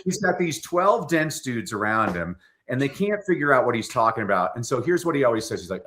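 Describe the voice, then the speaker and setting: Speaking briskly with few pauses, a middle-aged man at medium pitch guests on a lively podcast as a storytelling coach, the recording carrying a little hiss or hum. He's animated and performs quotes in various voices.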